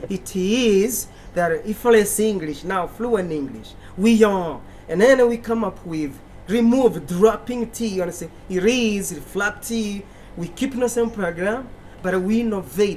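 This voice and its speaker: A man's voice: high-pitched, a little mellow, a little hiss or hum. A young Burundian man, an English teacher, answering interview questions with enthusiasm and emphatic demonstrations of pronunciation.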